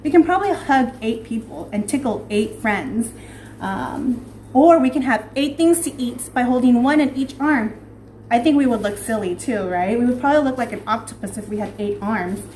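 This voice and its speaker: A young woman teaching preschoolers, reading a picture book aloud in an animated, sing-song way and asking the children questions. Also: on the high side, moderate pace, slight background noise. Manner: animated, sing-song, voices creatures in the story. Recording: echoey room.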